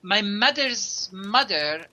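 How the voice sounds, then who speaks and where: A man who is a non-native English speaker, a guest telling stories in halting, filler-heavy talk. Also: high voice, animated, pushed and bright. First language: not English. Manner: halting, many fillers, laughs often. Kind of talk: conversational storytelling.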